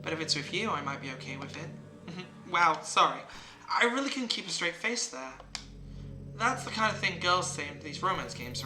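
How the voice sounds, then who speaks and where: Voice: medium pitch, close to an everyday voice. A streamer reading aloud the lines of an affectionate teenage girl club president from a visual novel, in a plain half-amused delivery. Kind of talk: reading game dialogue aloud. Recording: roomy with game music behind.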